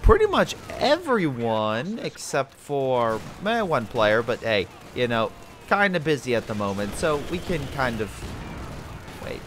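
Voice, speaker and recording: Male game caster, average pitch, very lively delivery, casual and profane. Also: unhurried, a little hiss or hum. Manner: animated, swears, talks to the players. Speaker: game commentator. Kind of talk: casual gameplay commentary.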